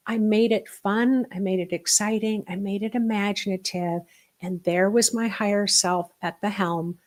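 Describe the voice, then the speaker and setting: A middle-aged woman leads a spiritual workshop over a live stream, her voice sitting at an ordinary middle pitch. She teaches in an animated, emphatic way, rushing through some phrases and stretching others into soft, hushed asides.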